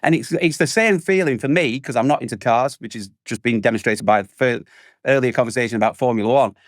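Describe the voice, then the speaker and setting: A man on a podcast panel, telling stories in an animated way and acting out salespeople in exaggerated voices. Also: mid-range voice, fast talker, dry recording, studio quality. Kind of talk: casual panel chat.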